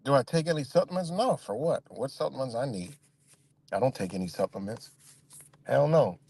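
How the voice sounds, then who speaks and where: A man hosting a casual livestream, ranting in a rambling, profane way and mimicking other people in high voices. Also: expressive, normal speed, gravelly, a little mellow, breathy edge. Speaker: livestream host.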